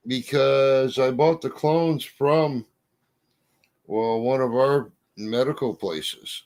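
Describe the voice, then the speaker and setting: A man chatting casually, spinning folksy stories at an easy drawl. His voice sits at an average pitch, with mild cursing. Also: takes it slowly, darkish tone. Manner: folksy storyteller, drawling, swears mildly. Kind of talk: casual chat.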